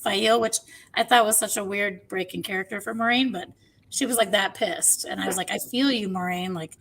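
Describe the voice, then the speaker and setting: A woman guest on a podcast who talks frankly and chattily, with animated asides. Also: mid-range voice, brisk, gravelly, husky. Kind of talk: casual discussion.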